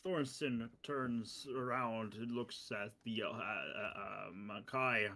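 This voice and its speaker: A man narrating as game master of a tabletop game, dropping into gruff bandit voices. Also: fairly low pitch, fairly even intonation, slow, bright, forceful tone.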